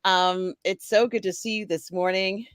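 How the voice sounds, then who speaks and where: A woman's voice: on the low side, fairly even intonation, measured pace, no echo, studio quality. A woman hosting a casual live-stream chat show, upbeat, welcoming guests and reading viewer comments aloud. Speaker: host.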